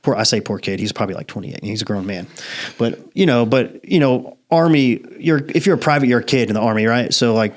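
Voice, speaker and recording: A man's voice: mid-range voice, fast, hardly any pauses. A man hosting a podcast, telling a story in casual, profane chat and laughing often. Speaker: podcast host.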